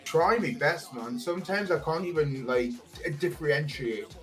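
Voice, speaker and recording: A man's voice: fairly high pitch, lively intonation, normal speed, fairly bright tone, faint music behind. A young man chatting casually on a stream, rambling through stories and swearing often. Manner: rambling, swears a lot, laughs at his own stories.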